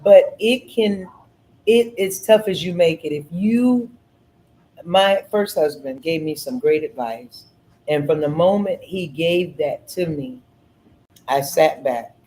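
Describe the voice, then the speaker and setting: A middle-aged woman hosting a podcast, telling stories in an earnest, animated way and repeating phrases. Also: lowish voice, slow, slight background noise, low-quality recording. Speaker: podcast host. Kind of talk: casual storytelling chat.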